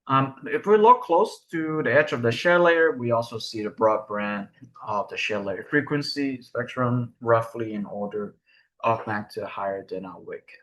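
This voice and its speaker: A man's voice: mid-range voice, a bit bright. A young man giving a recorded research presentation, explaining step by step and asking rhetorical questions.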